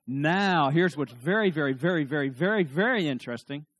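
A middle-aged man giving a humorous talk on marriage to a live audience, animated and joking, often restarting his sentences. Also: fairly high pitch, normal speed, no room sound. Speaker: speaker on marriage.

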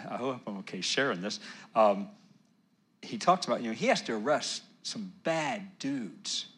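Man, middle-aged, pastor, sermon, bright timbre, animated swings from loud to soft. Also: on the low side. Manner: animated preaching, swings from loud emphasis to near-whisper.

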